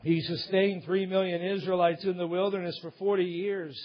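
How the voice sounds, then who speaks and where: A man's voice: sits high, flat delivery, normal speed, muffled recording. A man preaching a sermon as pastor, building to emphatic points.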